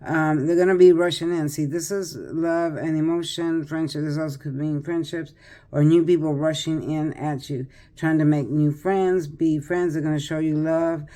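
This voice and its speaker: A woman's voice: sits low, fairly even intonation, moderate pace, dark tone. A tired older woman doing a casual tarot reading, chatty and rambling with many fillers and restarts. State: tired, yawning. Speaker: tarot reader.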